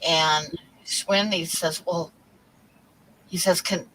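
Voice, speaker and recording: A woman's voice: fairly low pitch, steady tone, slow, pauses often, fairly bright tone, a little hiss or hum, poor audio. A woman hosting a livestream, chatting casually and telling corny jokes, then apologizing for them. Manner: joking, apologetic about bad jokes. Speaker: livestream host.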